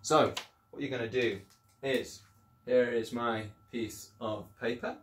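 A man's voice: mid-range voice, slow, a little hiss or hum. Encouraging male teacher in an echoey room. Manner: chatty, encouraging, explains step by step. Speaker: primary school teacher. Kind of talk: recorded online English lesson for children.

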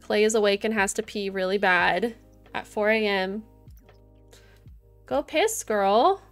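Taking things slowly, a young woman with a medium-pitched voice streams a life-sim game. Her talk is relaxed gameplay chatter aimed at viewers and at the characters in the game, broken up by frequent giggles, over gentle game music.

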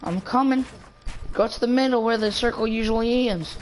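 A woman's voice: fairly high pitch, normal speed, darkish tone, slight background noise. A young woman putting on an Australian accent, trash-talking and teasing other players in game voice chat. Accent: put-on Australian. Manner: cocky, teasing, calls others "mate". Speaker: gamer pranking strangers in voice chat.

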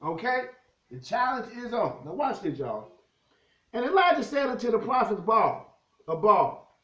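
A man's voice: very high-pitched, normal speed, roomy sound, muffled recording. A man preaching a sermon, reading scripture aloud and talking straight to his listeners. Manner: animated preaching, reads scripture aloud, keeps addressing the crowd as "y'all".

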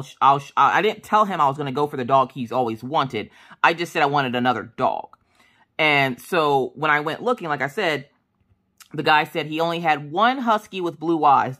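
A middle-aged woman telling a personal story in a casual, animated way, acting out what people said. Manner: chatty, animated, acts out quotes in a high voice. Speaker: crafting vlogger.

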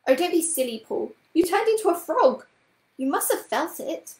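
A woman's voice: high voice, a little slow, darkish tone, echoey room, low-quality recording. A woman voicing an eager, earnest young girl who speaks breathlessly and pleadingly.

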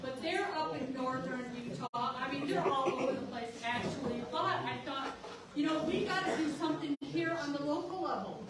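A woman's voice: high-pitched, moderate pace, a loud crowd. A woman giving an emphatic public speech at a community center, repeatedly checking in with "okay?". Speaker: community organizer speaking at a candidate forum. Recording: echoey hall, distant mic, noisy.

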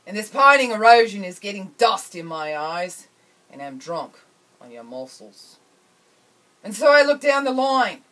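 A woman's voice: mid-range voice, very animated, measured pace. A woman putting on a mock-Australian poetry recital. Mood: mock-dramatic. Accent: put-on Australian. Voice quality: theatrical swings between loud and hushed.

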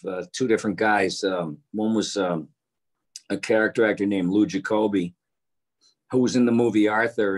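An older man, a voice actor, answering interview questions over a video call in a relaxed, anecdotal way. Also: lowish voice. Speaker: voice actor guest.

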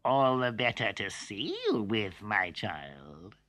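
A man's voice: on the low side, big pitch swings, slow pace, fairly bright tone, heavily acted. A man voicing a cunning, falsely polite male wolf on a children's story tape. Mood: sly.

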